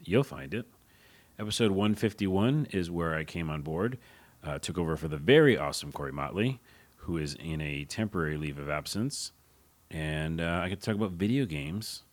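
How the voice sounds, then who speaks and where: A young man hosting his own podcast alone, talking casually and rambling with offhand swearing. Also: low-pitched. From United States. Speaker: podcast host. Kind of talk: casual solo podcast talk.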